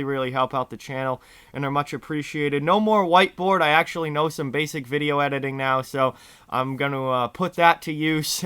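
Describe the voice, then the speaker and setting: Hoarse male host, fairly high-pitched and bright, chatty casual picks talk to camera. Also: no echo. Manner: chatty and direct to viewers. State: hoarse from yelling. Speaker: sports picks show host.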